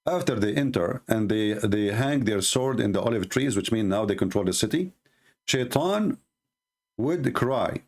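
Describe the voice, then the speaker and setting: A man with an Arabic accent and Arabic as his first language, hosting a live debate show, arguing emphatically, repeating phrases and slowing down to stress points. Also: lowish voice, lively intonation, darkish tone.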